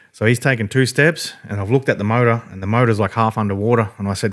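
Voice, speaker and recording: A fast-talking Australian podcast guest with a lowish voice spins a casual, meandering story. He's relaxed about it and doesn't hold back on the swearing.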